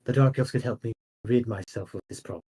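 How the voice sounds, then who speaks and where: Male GM voicing a self-assured fanatical priestess, husky. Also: mid-range voice, fast talker, mellow, lightly acted. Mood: cold. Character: zealous priestess of a dark church.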